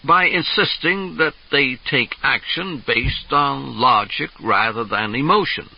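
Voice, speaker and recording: A man's voice: medium pitch, unhurried, gravelly, slightly rough. A man voicing a middle-aged male actor in an earnest, defensive way, on a dull lo-fi 1970s tape.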